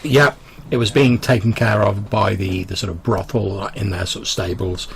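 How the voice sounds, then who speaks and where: A man's voice: lowish voice, fairly even intonation, normal speed, creaky. Guy game mastering, rambly, lots of likes and uhs, bit of hiss. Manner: rambling with many fillers. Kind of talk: narrating a tabletop game.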